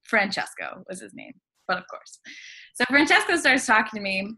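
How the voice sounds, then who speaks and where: A woman's voice: a little high, sing-song, moderate pace, sharp tone, slightly rough. An American woman, a podcast guest, telling a long story in a breezy, chatty way, full of casual fillers. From United States.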